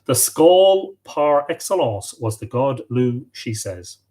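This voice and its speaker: Man, husky voice, middle-pitched, reading myth passages on a live stream, chatty asides. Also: big pitch swings, takes it slowly, dark tone. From Ireland. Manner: reads passages aloud, breaks off for asides and rummaging for books. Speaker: host. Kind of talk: live-stream talk, reading aloud from books.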